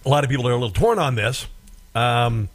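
A man's voice: mid-range voice, lively intonation, quick pace. A man hosting a political commentary show, sarcastic and rambling, with many filler sounds.

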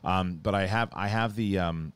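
A male podcast host with a somewhat low voice, chatting casually. He rambles, circles back and repeats words as he talks things through. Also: normal speed, clear, resonant tone. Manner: rambling, animated, many restarts. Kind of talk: casual chat.

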